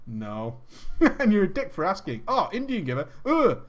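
A man with a high voice reads out a gaming story with comic commentary, repeatedly stopping for jokes and mock outrage. Very animated and fairly quick, he swears freely, laughs between lines, and his tone swings widely from one phrase to the next.

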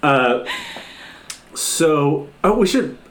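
Sardonic, profane podcast co-host. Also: extremely slow. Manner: sardonic, profane, jumps high in pitch when excited. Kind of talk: casual movie-review chat.

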